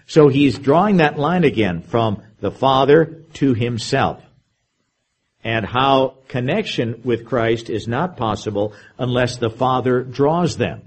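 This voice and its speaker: A man with a husky, slightly breathy voice delivers a verse-by-verse sermon. He lifts his voice for the scripture readings and drops to a quieter, conversational tone for his comments. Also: takes it slowly. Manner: reads scripture aloud with emphasis, then comments in a lower, conversational tone. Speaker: preacher. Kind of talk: sermon, verse-by-verse Bible teaching.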